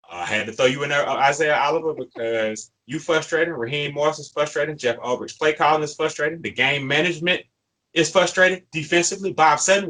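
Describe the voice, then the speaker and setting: A man's voice: mid-range voice, bright, forceful tone, rough recording. A man co-hosting a sports fan show, ranting emphatically and repeating his points, worked up and frustrated. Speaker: sports podcast co-host. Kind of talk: fired-up fan commentary.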